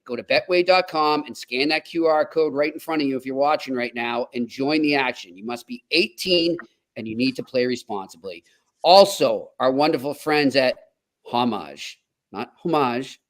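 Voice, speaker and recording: A man co-hosting a hockey podcast, chatting casually and reading sponsor ads in an upbeat, quick manner. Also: fairly high pitch, a bit bright. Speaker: podcast co-host.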